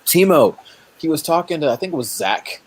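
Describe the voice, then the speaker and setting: A man's voice: fairly high pitch, very animated, brisk, slight background noise. A man chatting casually on a live stream, laughing easily and rambling through his stories.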